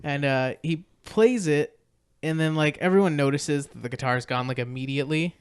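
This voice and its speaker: A man's voice: a little high, normal speed, smooth. A man co-hosting a podcast, recapping a movie in casual chat, rambling with lots of fillers and restarts. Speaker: podcast co-host.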